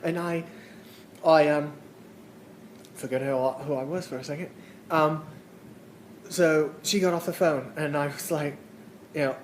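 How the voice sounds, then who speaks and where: A man with a fairly high voice tells a comic monologue, rambling and halting, stacking fillers and chuckling as he goes. A faint hiss sits under the recording. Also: fairly even intonation. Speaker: comedian. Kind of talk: humorous monologue.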